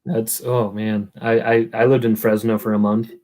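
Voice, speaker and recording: A woman's voice: very deep voice, flat delivery, moderate pace, dark tone. A woman co-hosting a casual livestream chat, talking bluntly with swearing and stammered restarts. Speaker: livestream co-host.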